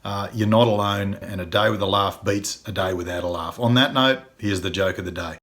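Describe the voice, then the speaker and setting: Earnest man with a low voice. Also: fairly quick, fairly bright tone. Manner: earnest, folksy, many ums and uhs. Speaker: vlogger giving advice. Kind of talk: casual encouraging monologue.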